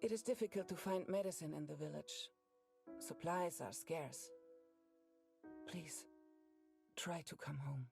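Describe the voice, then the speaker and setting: Game letter read by a loving wartime wife; slow, gentle, raspy, piano underneath. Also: female voice, sits low, expressive, heavily acted. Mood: tender worried. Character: loving wife writing to her husband at war. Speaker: game character reading a letter. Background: piano music.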